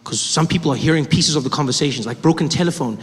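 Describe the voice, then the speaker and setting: Lively man telling a stand-up story, a bit high, long reverb and noise of a big hall. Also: fast. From South Africa. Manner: animated, acting out characters. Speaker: stand-up comedian. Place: live comedy venue. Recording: theater with long reverb and audience.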